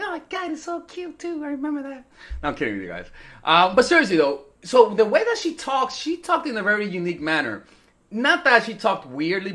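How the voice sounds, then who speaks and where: A man's voice: a little high, a bit bright. A young man coaching women on dating in a casual, rambling, joking way, acting out quotes. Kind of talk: casual talking-head advice video.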